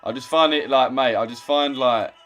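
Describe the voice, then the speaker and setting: With a mid-range, fairly bright voice at a moderate pace, a young man casually chats on a trading live stream, reading comments, cursing and joking around with viewers. Soft music sits in the background.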